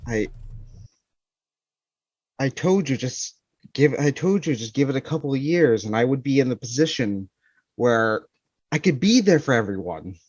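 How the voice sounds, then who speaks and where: A man's voice: mid-range voice, expressive, normal speed, long pauses, darkish tone, no room sound, muffled recording, lightly acted. A man playing an anxious husband and father in a tabletop role-play, probing and earnest with a shaky edge. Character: anxious husband and father confronting his wife.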